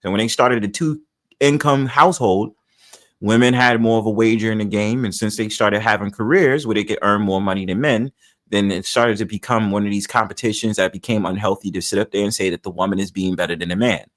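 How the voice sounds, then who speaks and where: A man's voice: lowish voice, fairly even intonation, brisk. A man hosting a livestream, talking in a blunt, opinionated way and swearing freely. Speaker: livestream host. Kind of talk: casual livestream talk.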